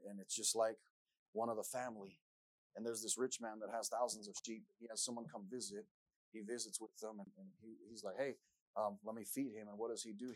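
A man preaching a sermon in an earnest way, often repeating words and growing loud as he reads scripture aloud. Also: lowish voice, dry recording, low-quality recording.

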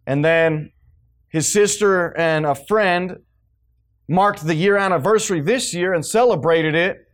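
A man preaching a fiery sermon to a congregation, swinging between loud emphasis and hushed, low-pitched lines. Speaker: pastor.

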